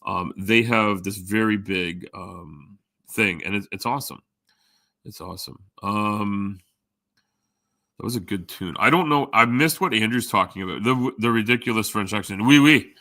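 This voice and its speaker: A middle-aged man hosts a livestream, chatting with viewers in a loose, rambling way full of ums and restarts. His voice sits on the low side but comes across bright and sharp. The sound is dry and close. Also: a little slow, no echo. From Canada. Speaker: livestream host. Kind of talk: casual chat with live viewers.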